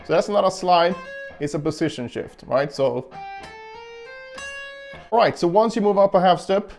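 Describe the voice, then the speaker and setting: A man's voice: on the high side, creaky, a little mellow. A man giving a casual guitar lesson, explaining picking and counting beats aloud as he demonstrates. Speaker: guitar teacher. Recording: guitar playing in between.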